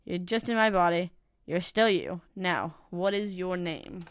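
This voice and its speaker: A woman's voice: fairly low pitch, measured pace, clear, resonant tone, no room sound, studio quality, natural voice. A woman voicing a snarky, blunt female talking katana in a game, brusque and teasing. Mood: impatient.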